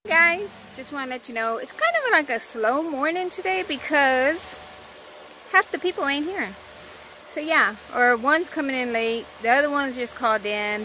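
A young woman with a high, pushed, bright voice vlogs from her car ahead of her workday. The rough recording has slight background noise, and her storytelling wanders with plenty of fillers.

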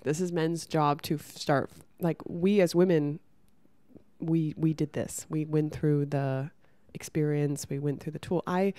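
Low-voiced woman in casual spiritual chat. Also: warm tone, dry recording. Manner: chatty, many "like" fillers and restarts. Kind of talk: casual spiritual talk to camera.

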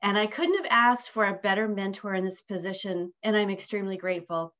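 A woman's voice: mid-range voice, brisk, a bit bright. Earnest woman, muffled call audio. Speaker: school department colleague. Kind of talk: farewell tribute at a meeting.

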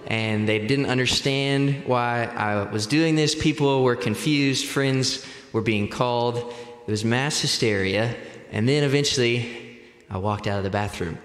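A young man preaching a sermon as pastor, deliberate and measured, picking up speed when telling personal stories. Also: mid-range voice, a bit bright. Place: church sanctuary. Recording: echoey church hall.

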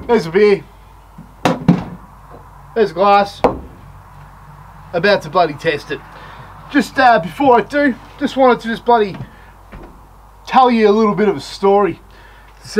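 A man's voice: high voice, a little hiss or hum, low-quality recording. A man with an Australian accent hosting a casual beer review, rambling and swearing in blokey banter. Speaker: beer reviewer and show host.

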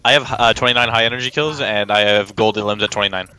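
A man playing in an esports match, calling targets to his team over voice comms with loud, profane hype talk. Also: lowish voice, fast talker, a crowd in the background, rough recording. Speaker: esports player.

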